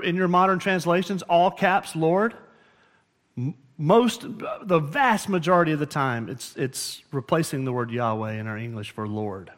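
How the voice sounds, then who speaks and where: A man's voice: fairly high pitch, a bit bright. A man preaching as pastor in a church, explaining scripture earnestly and often restarting his phrases. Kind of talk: sermon. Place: church sanctuary.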